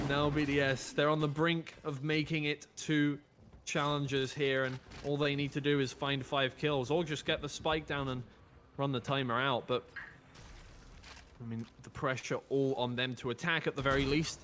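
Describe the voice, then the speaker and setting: A man casting an esports match as play-by-play commentator, climbing in pitch and volume as the action builds. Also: normal speed, slight background noise. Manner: excitable, pitch rising sharply in big plays. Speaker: esports caster.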